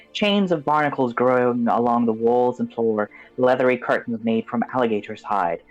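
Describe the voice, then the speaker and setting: A man's voice: medium pitch, muffled recording. A man as game master, giving vivid descriptive narration of a tabletop game and turning loose with fillers when he improvises.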